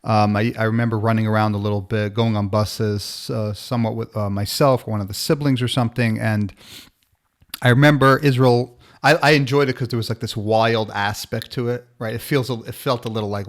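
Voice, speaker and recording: Podcast host man, casual and chatty. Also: lowish voice. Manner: conversational, frequent restarts and fillers. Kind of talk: casual conversational interview.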